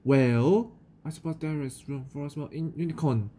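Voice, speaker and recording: A woman's voice: sits low, normal speed, warm tone, husky. A woman with a New Zealand accent voicing a doting, cooing babysitter sorceress in a children's picture book read aloud. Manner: cooing, indulgent. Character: doting sparkly babysitter sorceress, hard of hearing.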